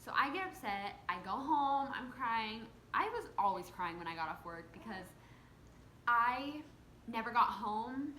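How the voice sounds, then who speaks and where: A woman's voice: fairly high pitch, a little slow. A young woman telling a personal story in a casual, chatty way, peppering her speech with "like". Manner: chatty, animated, heavy use of "like". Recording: echoey room with faint background hum.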